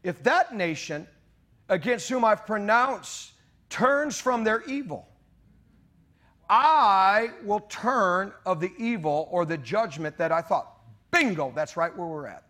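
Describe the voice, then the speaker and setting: A man delivering a fiery sermon in a high, bright voice. He preaches with passion, pushing up into ringing shouts at the peaks. The delivery is loud and emphatic. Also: expressive, slow pace. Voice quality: mock British voice for God's words. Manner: impassioned preaching, rising to shouts. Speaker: pastor.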